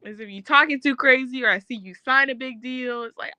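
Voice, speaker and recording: A woman's voice: high voice, fairly quick, sharp tone, no echo, poor audio. A young woman co-hosting a casual chat, blunt, profane and joking. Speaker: podcast co-host.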